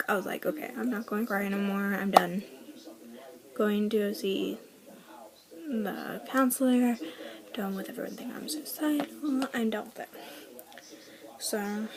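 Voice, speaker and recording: A woman's voice: fairly high pitch, low-quality recording. An eighteen-year-old woman vlogging a personal story in a chatty, rambling way, filling her talk with "like" and whispering the lines she quotes. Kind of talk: casual storytelling.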